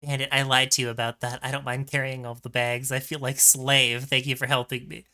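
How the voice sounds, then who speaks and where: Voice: medium pitch, level tone, brisk, pushed and bright. A co-host reading fan fiction lines aloud on stream, playful and prone to giggling. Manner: giggly, reads lines with playful mock-drama. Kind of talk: comedic dramatic reading.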